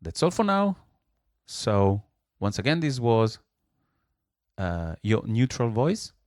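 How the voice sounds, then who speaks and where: Male singing teacher, slow and smooth, demonstrates between explanations, dry close sound with faint piano. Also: on the low side, sing-song, dry recording. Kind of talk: vocal lesson with sung exercises.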